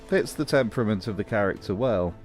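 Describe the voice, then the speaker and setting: A man's voice: on the low side, lively intonation, a little fast, soft background music. A man giving scripted commentary in a dry, mocking tone. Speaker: video essay host.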